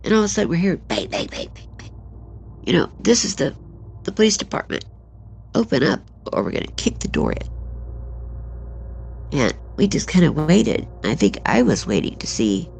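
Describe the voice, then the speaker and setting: A woman in her sixties, a guest on an interview show, retelling a frightening personal experience in an emotional, halting way. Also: very deep voice, creaky, slight background noise. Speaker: guest recounting an encounter.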